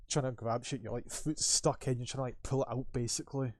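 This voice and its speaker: A man's voice: mid-range voice, fairly even intonation, fast, few pauses, darkish tone, no room sound, studio quality. A young man narrating a tabletop game as game master, rambling with many fillers. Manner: rambling, loose, full of fillers.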